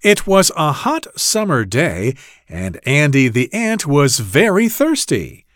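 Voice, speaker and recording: Slow, lively male storyteller. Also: fairly high pitch, dry recording, studio quality. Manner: slow, very expressive read-aloud. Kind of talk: children's story narration.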